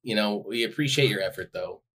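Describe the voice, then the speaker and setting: A man's voice: on the low side, a little fast, fairly bright tone, a little hiss or hum. A man co-hosting a podcast, teasing his partner in casual chat and laughing often. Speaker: podcast co-host.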